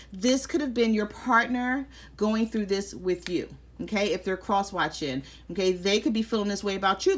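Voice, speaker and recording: A woman's voice: fairly high pitch, sharp tone. A woman giving a casual tarot reading, chatty and conversational, often checking in with "okay?". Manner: chatty, repeats "I'm feeling like" and "okay?". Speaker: tarot reader.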